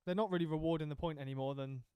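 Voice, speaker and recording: Smooth-voiced man, jokey surf commentator. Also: a little high, fairly even intonation, racing, darkish tone, no room sound. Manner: jokey, laughs easily, chatty. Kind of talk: casual sports commentary.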